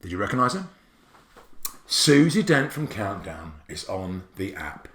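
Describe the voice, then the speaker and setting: An enthusiastic man walks parents through a spelling app, full of jokes and sudden high squeals of excitement. His pitch swings widely as he talks. The sound is roomy and echoey. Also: moderate pace, background noise. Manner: excitable, jokey, swoops up high on exclamations. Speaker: app creator presenting a tutorial. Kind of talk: enthusiastic explanatory walkthrough.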